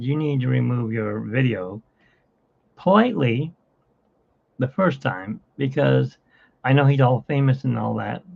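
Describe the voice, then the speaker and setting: A man's voice: medium pitch, vocal fry. A man hosting a casual livestream from his phone, rambling and chatty with frequent laughs, in dull lo-fi phone audio. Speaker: livestream host.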